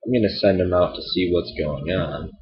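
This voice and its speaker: A man's voice: low-pitched, normal speed. A man hosting a game let's play, stuffed up and nasal, rambling and apologetic with a wry edge. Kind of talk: casual game commentary. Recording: dull lo-fi home mic.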